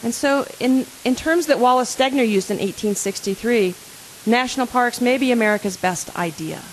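A woman's voice: fairly high pitch, moderate pace, a little hiss or hum, poor audio. A woman speaking as a park service official, giving an earnest talk and quizzing her audience. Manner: asks audience questions, earnest and conversational.

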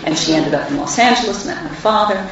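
At a live talk event, a woman shares personal stories with the audience in a warm, anecdotal way with wry humor. Her medium-pitched voice is expressive and fast. A distant mic in a large, echoey hall makes the sound dull.

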